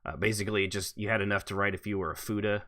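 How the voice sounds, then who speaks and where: A man's voice: on the low side, level tone, racing, sharp tone. A man co-hosting a casual podcast about role-play gaming, talking in a rambling, stop-start way. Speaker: podcast co-host.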